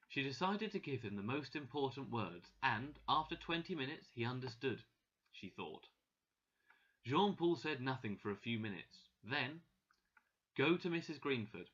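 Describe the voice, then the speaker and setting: Man reading a story for english learners, bright forceful voice, dull lo-fi audio. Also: medium pitch, lively intonation, moderate pace. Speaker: narrator.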